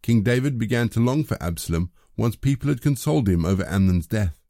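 A man reads scripture in measured, even narration. His voice is dark and mellow and sits somewhat low. The recording is dry, with no room sound. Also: no room sound. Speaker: scripture reader.

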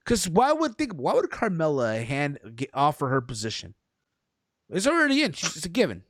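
A man on a wrestling podcast who rambles through his points, throwing in "listen" and "bro" along with casual swearing. His pitch swings widely as he talks, and the mic sounds dry and close. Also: huge pitch swings, normal speed, a bit bright, no echo. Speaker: podcast co-host.

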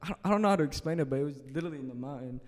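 A man's voice: a little high, lively intonation, racing, darkish tone. Laid-back young man from the Philippines. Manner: laid-back, loose and rambling, heavy on "you know" and "like". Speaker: podcast guest. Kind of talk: casual interview chat. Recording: long hall reverb.

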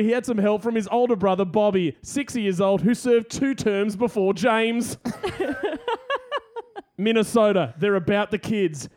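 A man with a high-pitched voice tells comic stories on a podcast. His delivery is deadpan and crude, and he treats absurd details as plain fact. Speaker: co-host. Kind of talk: comedic podcast storytelling.

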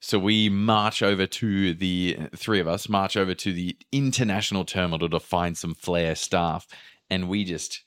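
Low male storyteller, casual podcast chat, lively quoted voices. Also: moderate pace. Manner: animated, acts out quotes, swears casually. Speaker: podcast host telling a travel story.

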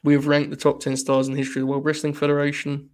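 A man's voice: on the high side, monotone, rapid-fire. A man hosting a live-streamed podcast, joking and rambling with his co-host and laughing often. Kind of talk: casual wrestling chat on a live stream.

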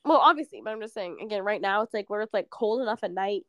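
A woman's voice: mid-range voice, lively intonation, quick pace, fairly bright tone, no echo. A young woman co-hosting a podcast in casual chat, rambling and sarcastic, laughing often. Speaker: podcast co-host.

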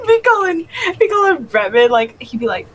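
A woman's voice: sits high, big pitch swings, moderate pace, low-quality recording. A woman co-hosting a podcast in casual chat, giggly and gushing, often quoting people in mock voices. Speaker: podcast co-host.

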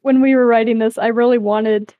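A woman's voice: a little high, steady tone, fairly quick, no room sound, narrow, tinny audio. A woman co-hosting a podcast, reading a story she co-wrote aloud and chatting casually, laughing often. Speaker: podcast co-host.

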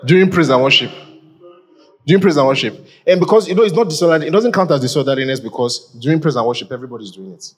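A man's voice: fairly high pitch, animated, fast talker, slightly rough. A man leading a church Bible-study discussion as pastor, often repeating short phrases to keep order.

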